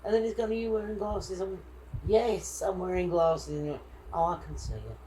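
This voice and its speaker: A woman's voice: on the low side, a little fast, warm tone, slight background noise, rough recording. A woman telling a travel story in a casual vlog chat, quoting people as she goes. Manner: chatty, indignant retelling with quoted dialogue. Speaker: vlogger.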